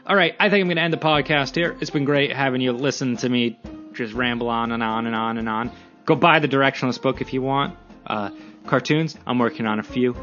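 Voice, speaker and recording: Young male podcast host, rambling and self-mocking, mid-pitched voice, dull lo-fi recording. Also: fairly even intonation, a little fast, fairly bright tone, faint music behind. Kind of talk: casual solo podcast rambling.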